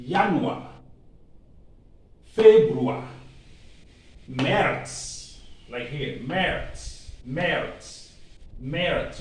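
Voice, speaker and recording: A man with a Ghanaian English accent teaching a language lesson, patiently repeating words slowly for learners. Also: a little high. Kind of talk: slow spoken language lesson. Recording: echoey room, mic far off.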